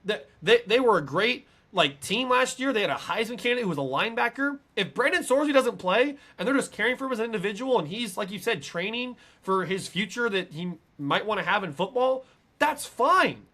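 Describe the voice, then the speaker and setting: A man co-hosting a casual sports podcast, talking emphatically and building to excited peaks. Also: high voice, fairly quick. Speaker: podcast co-host.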